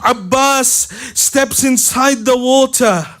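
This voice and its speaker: A man preacher telling a mournful story in a sermon, slow and chanting, at times half-sung. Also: very high-pitched, a bit bright.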